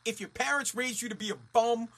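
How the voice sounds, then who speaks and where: A man's voice: very high voice, fairly even intonation, a little fast, fairly bright tone. A man ranting as a talk radio host, blunt, profane and fired up.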